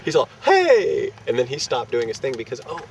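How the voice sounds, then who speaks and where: A young man telling a rowdy anecdote in casual, profane, animated fashion, laughing between lines. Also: medium pitch, racing. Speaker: storyteller. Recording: distant mic with street and traffic noise.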